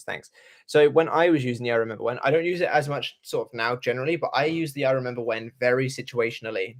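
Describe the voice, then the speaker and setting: A man hosting a live Q and A stream as a coach, explaining in a relaxed, casual way with fillers. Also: medium pitch.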